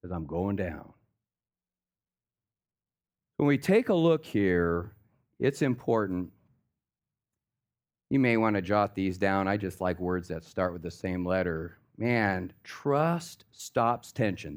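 A man preaches to his congregation in a loose, conversational way, with his pitch swinging high and low as he builds up his points. He drops in casual slang and acts out the stories he tells. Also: darkish tone. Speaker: pastor. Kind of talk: sermon.

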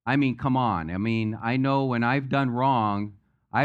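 In a church sanctuary, a man preaches as pastor, keeping things conversational and slipping in jokes. His mid-range voice is smooth and a little slow. The sound is lo-fi.

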